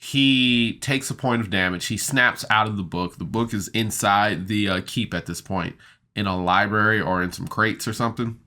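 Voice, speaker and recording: Bright-voiced guy chatting through a game recap, lots of ums and laughs. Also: lowish voice, normal speed. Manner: chatty and enthusiastic, many fillers and laughs. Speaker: podcast reviewer. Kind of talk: casual episode recap.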